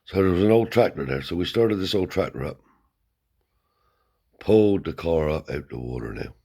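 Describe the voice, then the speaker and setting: Husky deep-voiced man spinning a yarn. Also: normal speed. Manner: blunt, swears heavily, animated yarn-spinning. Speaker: storyteller. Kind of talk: casual spoken storytelling. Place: seated indoors.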